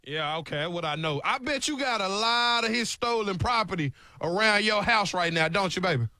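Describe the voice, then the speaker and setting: A man's voice: high-pitched, lively intonation, a little fast, pushed and bright, no echo, clean studio sound. A man playing a stern police officer on a prank call, drawling and repeating "ma'am" as he questions a mother. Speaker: radio prank-call co-host. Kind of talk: prank call role-play.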